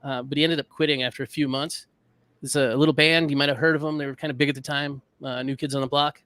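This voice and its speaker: A man's voice: fairly high pitch, little pitch movement, fast talker, fairly bright tone, clean tone, no echo. A man co-hosting a comedic history podcast, telling the story in a laid-back, self-deprecating way. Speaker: podcast co-host. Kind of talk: casual comedic history chat.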